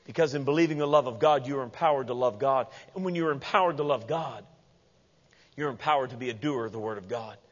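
A man preaching a sermon as pastor, animated and playful, acting out the voices of the people he quotes. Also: medium pitch, fast. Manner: animated, acts out quoted voices with humorous asides. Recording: dull lo-fi sound with long hall reverb.

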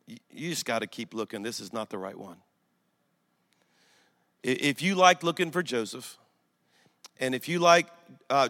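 A middle-aged man, preaching a sermon in a church, telling a story with emphasis and swinging from loud outbursts to hushed asides. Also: mid-range voice. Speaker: pastor. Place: church sanctuary. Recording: long hall reverb in a church.

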